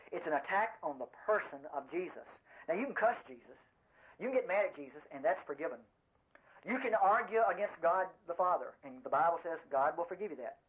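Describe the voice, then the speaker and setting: A man's voice: on the high side, slightly rough. Guy preaching a sermon, earnest, keeps repeating his points, muffled lo-fi audio. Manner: earnest, emphatic, repeats key phrases. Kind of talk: sermon teaching from scripture. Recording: dull lo-fi sound with faint hiss.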